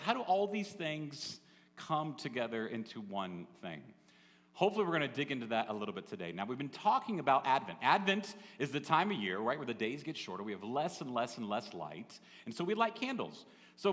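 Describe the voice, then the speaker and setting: Animated man preaching in an echoey hall. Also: fairly high pitch. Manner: conversational, storytelling with asides to the congregation. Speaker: pastor. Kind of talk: sermon. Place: church sanctuary.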